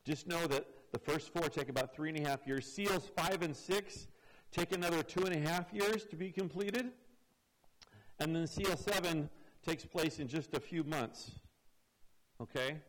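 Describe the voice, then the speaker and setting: A man with a somewhat high voice preaching a teaching sermon. He explains each point patiently and often doubles his words as he restarts a phrase. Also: measured pace, rough recording. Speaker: pastor.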